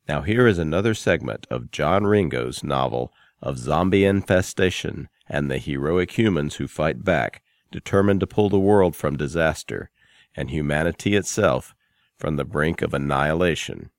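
Super deep guy doing a scripted promo intro, dry sound. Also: lively intonation, measured pace, no echo. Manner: smooth promotional delivery. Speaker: announcer. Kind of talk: scripted announcement.

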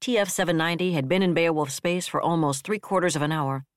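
An audiobook narrator reading military science fiction in a steady, even storytelling manner. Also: medium pitch, fast talker, no room sound, studio quality.

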